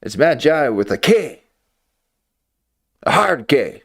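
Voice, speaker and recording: A man's voice: mid-range voice, sing-song, slow pace, vocal fry, a bit bright. A man hosting a live watch-party stream, joking and rambling through reaction commentary with lots of filler words. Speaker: livestream watch-party host.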